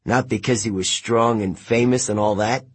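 A man playing a calm, overworked courier who talks in an easygoing, slightly weary way. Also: on the low side, normal speed, husky. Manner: relaxed and easygoing, a little weary.

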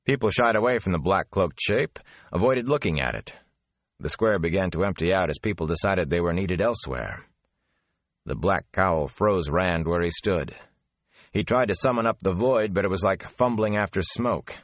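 A man narrating a fantasy audiobook in a steady, measured storytelling manner. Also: deep voice, no echo.

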